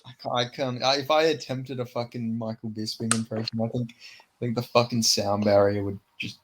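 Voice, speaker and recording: A young man with an Australian accent in a casual podcast chat, relaxed and sweary, often restarting his sentences. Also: medium pitch, normal speed, slight background noise. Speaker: podcast co-host.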